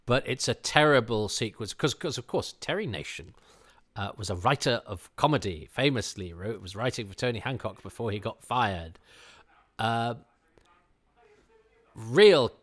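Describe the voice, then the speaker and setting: A man's voice: lowish voice, a little slow, fairly bright tone. A middle-aged man hosting a podcast, giving an enthusiastic, rambling commentary over an old TV episode, full of fillers and restarts. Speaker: podcast host.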